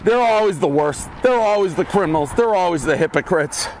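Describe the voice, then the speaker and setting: A man's voice: high-pitched, expressive, brisk, a little hiss or hum. A man ranting bluntly and with lots of swearing while walking, out of breath. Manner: blunt, profane, fired-up. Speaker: commentator ranting in a video clip. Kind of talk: casual rant while walking. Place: outdoors on a street, walking.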